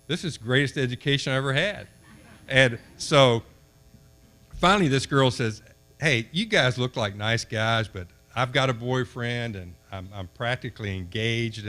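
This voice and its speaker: A man's voice: mid-range voice, fairly bright tone. An older man from Kentucky gives a storytelling speech at a banquet, acting out the voices in his anecdote. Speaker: banquet speaker.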